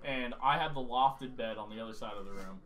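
A man's voice: medium pitch, brisk, a bit bright, far from the mic. A young man co-hosting a podcast, telling a story casually and animatedly, swearing and laughing as he goes. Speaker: podcast co-host.

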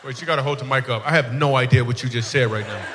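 A man's voice: medium pitch, rapid-fire. A male stand-up comedian doing crowd work on stage, teasing audience members in a playful way and laughing at his own jokes. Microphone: handheld stage mic. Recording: long hall reverb, faint room noise.

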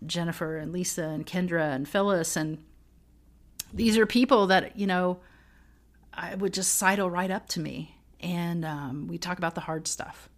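A woman's voice: fairly low pitch, normal speed. A middle-aged woman co-hosting a casual faith podcast, telling personal stories earnestly and laughing often. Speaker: podcast co-host.

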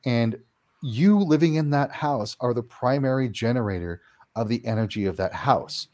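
A man answering interview questions, explaining his work clearing houses and acting out quoted reactions as he talks. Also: normal speed. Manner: animated, acts out quoted reactions with big pitch jumps. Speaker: paranormal house-clearing practitioner, guest.

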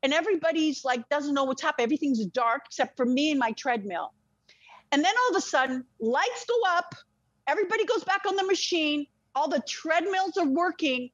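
A woman's voice: high-pitched, animated, fairly quick, no echo, dull audio. A woman telling an emotional personal story as a podcast guest. She speaks intensely and frankly, swears freely, and often restarts her words.

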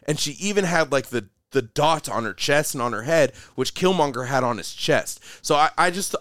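A man's voice: on the high side, a bit bright, dry recording, clean studio sound. A young man hosting a podcast, talking casually and animatedly, swearing and saying "like" and "dude" a lot. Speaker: podcast host. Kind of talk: casual chat.

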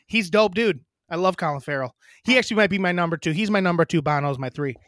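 A man's voice: sits high, quick pace, a bit bright, dry recording, clean studio sound. A man co-hosting a podcast in a casual, rambling chat, joking and swearing. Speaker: podcast co-host.

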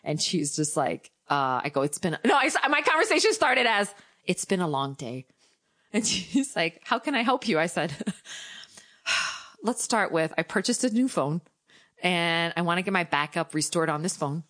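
A woman's voice: on the low side, big pitch swings, moderate pace, a bit bright. A woman telling a long story in casual chat, acting out the people she quotes and laughing often.

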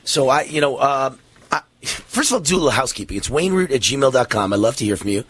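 A man's voice: medium pitch, fast, a little hiss or hum. A man hosting a talk radio show, out of breath and tired, rambling with lots of fillers. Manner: rambling, energetic, many fillers.

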